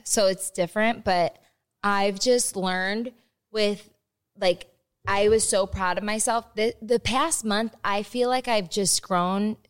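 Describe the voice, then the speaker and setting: A woman's voice: mid-range voice, clear, resonant tone. A woman guest on a podcast, chatting candidly, laughing often and swearing freely. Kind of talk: casual chat.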